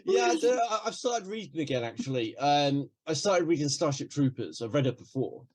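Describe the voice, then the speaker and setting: Laughing man with lively pitch. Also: fairly quick, a little hiss or hum. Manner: laughs a lot, trails off quietly. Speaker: podcast co-host. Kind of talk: casual chat.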